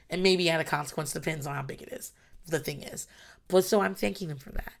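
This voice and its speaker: A woman with a slightly low voice talks frankly about raising her kids. She swears freely and acts out little scenes, shifting into her kids' whiny voices and her own stern or thankful tones. Her delivery is animated and casual. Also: fast talker, gravelly, slight background noise. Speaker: parent. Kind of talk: casual talk to camera about parenting.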